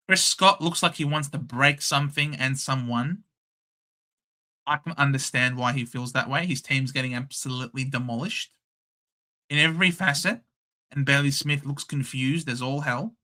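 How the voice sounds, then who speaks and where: A young Australian man hosting a casual live watchalong, calling the play in a chatty, excitable and blunt way. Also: medium pitch, moderate pace. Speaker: host. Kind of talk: casual live match commentary.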